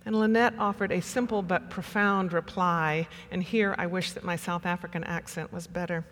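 A pastor preaching a sermon with measured delivery and dramatic pauses. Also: mid-range voice, steady tone, fairly bright tone, long reverb tail.

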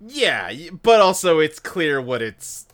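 A man co-hosting a podcast in casual chat, wry and quick to laugh. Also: a little high. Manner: laughs often, animated and wry. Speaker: podcast co-host.

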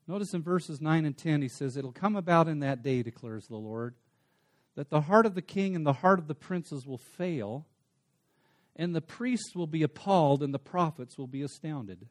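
A man preaching a sermon, dropping to soft asides and then rising to emphatic, stretched-out words. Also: fairly high pitch, lively intonation. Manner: swings between soft asides and emphatic raised passages; slows down to stress single words. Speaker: pastor.

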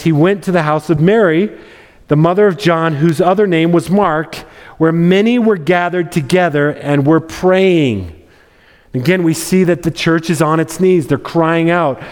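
A man's voice: a little high, darkish tone. A male pastor preaching an expository sermon in a conversational way, with wry asides. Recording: long hall reverb.

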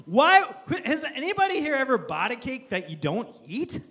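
A man's voice: very high voice, very animated, a little slow, pushed and bright. A man preaching a humorous sermon to a live audience, joking and asking the crowd for applause and amens. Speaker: pastor. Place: church auditorium with live audience.

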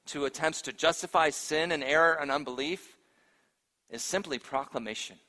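A male pastor delivers a sermon with earnest emphasis, alternating between forceful proclamation and gentle appeals to his congregation. His pitch is medium, and the sound has the feel of a large room.

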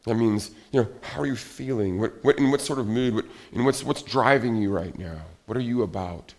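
A middle-aged man preaching a sermon in a conversational, animated way, acting out little everyday scenes. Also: mid-range voice, brisk. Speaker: pastor.

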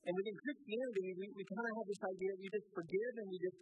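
A high-pitched male pastor delivering a sermon with a husky, slightly rough voice. He preaches earnestly, doubling up words as he restarts his sentences. Soft music plays faintly behind him. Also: fast, no echo, phone-quality sound.

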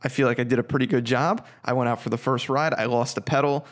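A man's voice: medium pitch, steady tone, fast talker. A man co-hosting a podcast, casually rambling through a story and swearing freely. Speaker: podcast co-host. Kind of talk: casual chat.

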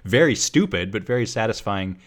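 A man's voice: on the low side, lively intonation, fairly quick. A man co-hosting a podcast, chatting casually and enthusiastically about a movie he watched, laughing often and restarting his sentences. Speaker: podcast co-host. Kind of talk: casual film review chat.

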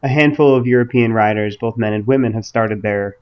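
A man's voice: fairly low pitch, fairly quick. A man co-hosting a podcast in casual chat, with a wry, dryly teasing manner. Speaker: podcast co-host. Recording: slightly muffled lo-fi recording.

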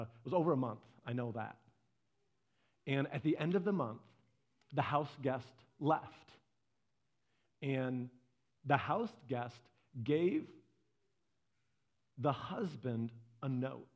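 A male pastor delivering a conversational sermon, telling stories and swinging from loud to hushed. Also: medium pitch. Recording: dull lo-fi sound.

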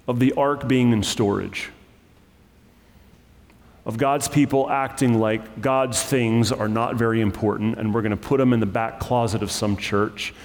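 A male pastor delivers a sermon in a slightly low voice, talking to the congregation in a relaxed, conversational way with asides and quick self-corrections. The sound carries a long hall reverb, as in a church sanctuary. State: choked up with emotion.

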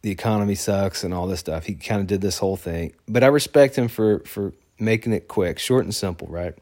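A man in his thirties with a notably deep, low voice tells a story from his own life. He talks casually and loosely, circling back with fillers and self-corrections, and breaks into a wry laugh at his own misfortune. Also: lively intonation, a little fast, darkish tone.

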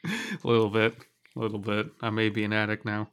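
A man's voice: on the low side, little pitch movement, a little fast, a bit bright, smooth. Joking man reading a story aloud. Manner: joking, laughs easily. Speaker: co-host and reader. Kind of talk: casual banter while reading a novel aloud.

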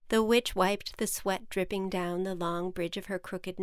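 Woman host reading a kids-style story, slow and playful, smooth clean voice, close mic. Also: on the low side, dry recording. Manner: playful, expressive, with emphatic comic pauses. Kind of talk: storybook narration.

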